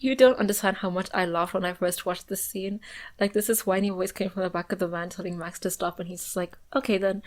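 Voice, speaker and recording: A woman's voice: fairly low pitch, steady tone, brisk, soft background music. A woman in her twenties giving sarcastic, wry scripted recap commentary on a cartoon. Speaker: video reviewer.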